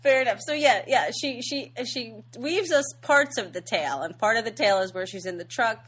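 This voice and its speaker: A woman's voice: fairly high pitch, animated, brisk, a bit bright, a little hiss or hum. A woman co-hosting a podcast, casually recapping a movie plot in an easygoing way and laughing often. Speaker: podcast co-host. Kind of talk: casual chat about a movie.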